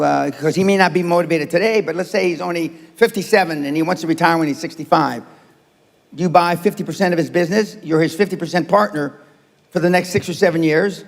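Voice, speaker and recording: A man's voice: on the high side, gravelly. A man giving a blunt, profane business talk before a live audience, repeating his points for emphasis. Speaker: business speaker. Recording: reverberant hall.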